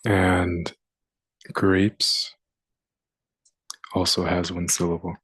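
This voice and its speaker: Slow, low-voiced man teaching phonics. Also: flat delivery, fairly bright tone, husky, dry recording. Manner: slow and deliberate, sounding out words. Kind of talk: phonics lesson.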